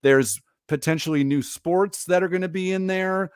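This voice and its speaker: In clean studio sound with no room sound, a man with a high-sitting, clean-toned voice speaks at normal speed. As a podcast co-host, he keeps the chat casual and animated, frequently laughing and reading quotes aloud.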